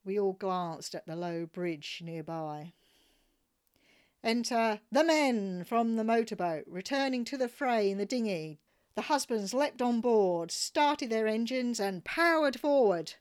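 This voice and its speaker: Woman reading her sailing travel story, slow and wry, lots of expression. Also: fairly high pitch, expressive, smooth. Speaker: narrator. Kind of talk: reading a travel memoir aloud.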